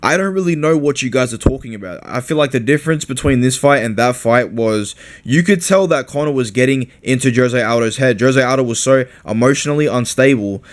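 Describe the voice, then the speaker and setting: A man's voice: medium pitch, a little fast, hardly any pauses. Casual slangy man recapping fights. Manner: loose, slangy and profane, frequent fillers. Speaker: MMA commentary host.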